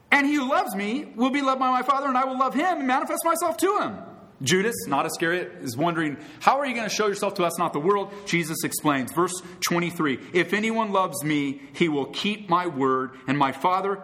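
A pastor with a slightly high, fairly bright voice preaches a sermon. He is earnest and emphatic, asking his listeners rhetorical questions.

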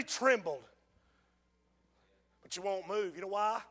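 Preacher, male, very high forceful voice, fiery sermon from hushed to shouted, long church reverb. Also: slow. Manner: emphatic, swings from hushed pleading to shouting. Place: large church sanctuary.

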